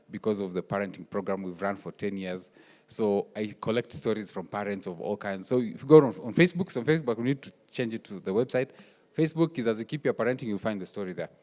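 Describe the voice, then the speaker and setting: Guy giving a workshop talk, lively storyteller, voices the dialogue, echo from a big hall. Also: lowish voice. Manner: animated, acts out family dialogue. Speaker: workshop speaker. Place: conference hall. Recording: reverberant hall.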